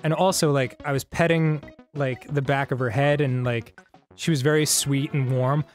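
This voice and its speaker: A man's voice: mid-range voice, steady tone, moderate pace, soft background music. Rambling man telling a story casually. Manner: rambling storytelling with lots of "like" and swearing. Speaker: co-host. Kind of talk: casual let's-play banter.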